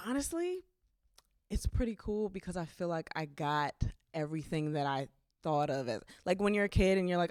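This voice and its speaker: Chatty low-voiced woman comedian. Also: lively intonation, no echo, clean studio sound. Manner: chatty, lots of fillers, quick asides. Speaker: comedian guest. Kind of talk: casual comedic chat.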